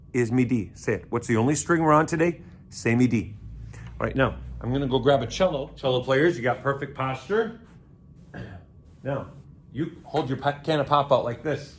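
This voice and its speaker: A man in a school orchestra room walks children through a string lesson. He talks in a playful, coaching way, with sing-song call-and-response chants and goofy jokes. His voice sits at an ordinary middle pitch.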